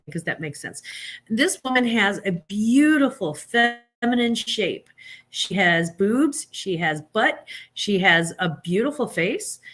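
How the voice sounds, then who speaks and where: A woman with a drawl talks in a relaxed, unscripted way. Her pitch sits mid-range, and her opinions come out blunt and sassy. Her sarcasm is dry, and she stumbles into restarts and "um"s along the way. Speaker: fashion commentator hosting a live stream. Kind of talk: casual opinionated live chat.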